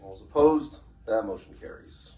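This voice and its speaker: A man presiding over a city council meeting, calling votes and making announcements in a brisk, businesslike way with casual fillers. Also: fairly low pitch, expressive, warm tone. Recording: echoey chamber from far off, faint noise.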